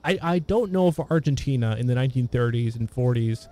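A man's voice: mid-range voice, animated, a little fast, warm tone. A man chatting casually about old films, rambling with many restarts and fillers. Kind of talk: casual film discussion.

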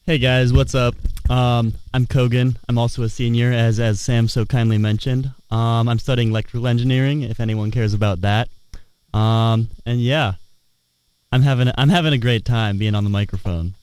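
A young man in his twenties, a student co-host, talking in a wry, hesitant way that often trails off quietly. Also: mid-range voice, steady tone, moderate pace, clean tone, dry recording. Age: 20s. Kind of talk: casual chat.

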